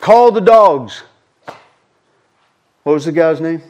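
A man's voice: on the high side, lively intonation, slow pace, darkish tone, dull audio. A man with a Southern US accent preaching a fervent sermon, repeating words for emphasis. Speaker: pastor.

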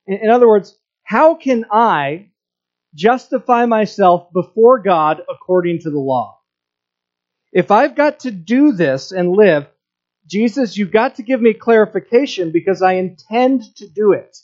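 A man preaching a sermon in a fairly high voice, earnest and prone to repeating words as he restarts his thoughts. The recording has a somewhat dull, lo-fi sound. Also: lively intonation, measured pace, darkish tone. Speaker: pastor.

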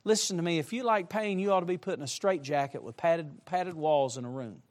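A middle-aged man preaching to young people, with emphatic direct appeals and shifts between soft asides and loud, rising emphasis. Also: fairly high pitch, brisk. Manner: emphatic, repeatedly urging listeners with direct appeals. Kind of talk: sermon to a youth congregation.

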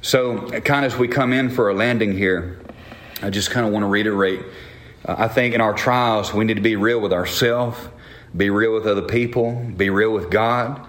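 A man's voice: fairly low pitch, steady tone, moderate pace, fairly bright tone, reverberant. A middle-aged man preaching a sermon in an earnest, conversational way, often restarting his phrases. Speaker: pastor.

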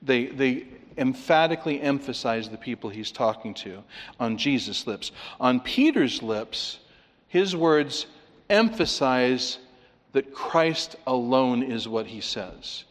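Male preacher, mid-pitched, emphatic expository sermon, long church-hall reverb. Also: unhurried. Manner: emphatic, rhetorical questions, swings between loud and quiet.

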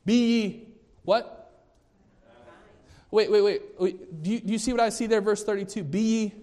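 A male pastor preaching in a somewhat higher voice, his words ringing through a church with a long echo. He is emphatic, climbs in pitch and volume when stressing points, and quizzes the congregation with questions. He often restarts and repeats his words. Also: fairly even intonation, darkish tone. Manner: repeats and restarts words, measured and deliberate in places. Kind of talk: sermon. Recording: long hall reverb.

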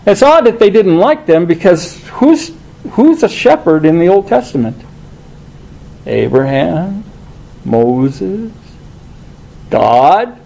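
Lively, emphatic male preacher. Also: high voice, gravelly, low-quality recording. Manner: conversational and emphatic, with rhetorical questions. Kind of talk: sermon.

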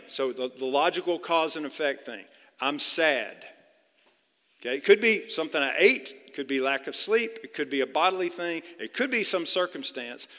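A man delivers a sermon in a relaxed, conversational way, often pausing to ask his listeners if they follow. His voice sits a little high and sounds bright. It rings out with a long reverb, as in a church hall. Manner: conversational, repeats "okay?" to check in with listeners. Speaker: pastor.

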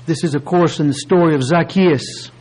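A man with a fairly high voice delivers an expository sermon. He speaks earnestly and deliberately, slowing down to lean on key words as he explains a passage. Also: darkish tone, low-quality recording. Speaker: pastor.

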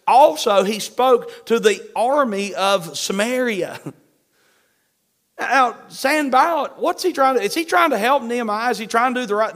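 Man, preacher, sermon, emphatic, animated, high-pitched.

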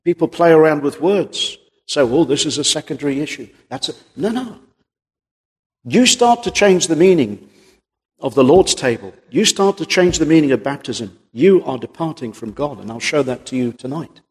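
Husky-voiced preacher in a reverberant hall. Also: male voice, on the high side, animated, normal speed, a little mellow. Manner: earnest, emphatic, quotes King James scripture. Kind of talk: sermon. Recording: long reverb of a large hall.

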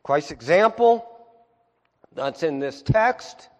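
A male pastor preaching with a fairly high, lively voice that swings from quiet asides up to emphatic peaks. His words ring out with the long reverb of a big hall. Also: slow pace. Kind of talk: sermon.

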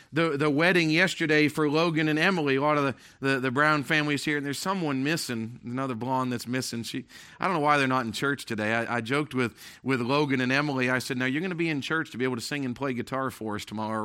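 Pastor, male, mid-high bright voice; emphatic preacher, loud-to-hushed swings. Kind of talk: sermon.

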